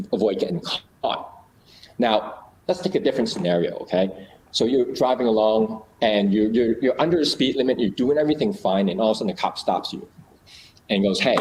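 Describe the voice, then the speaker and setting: A man's voice: lowish voice, a little mellow, slight background noise, rough recording. A man in a casual chat, explaining ideas through little acted-out stories, with many fillers and restarts.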